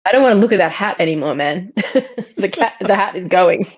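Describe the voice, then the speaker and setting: A woman's voice: medium pitch, expressive, brisk, husky. A woman reacting emphatically in a casual podcast chat about a book. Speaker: podcast co-host. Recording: dull lo-fi sound.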